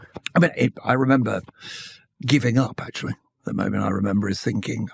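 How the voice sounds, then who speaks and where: A British man in his sixties, an interview guest telling candid stories from his life in a measured, reflective way. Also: fairly low pitch, creaky, husky, no echo, clean studio sound. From Britain. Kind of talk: reflective conversational storytelling.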